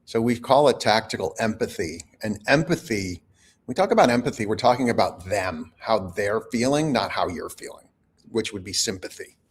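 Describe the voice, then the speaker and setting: A man, a negotiation expert guest, explaining techniques in a measured, instructive way during an interview. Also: mid-range voice, husky. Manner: measured, instructive, teaches in short points.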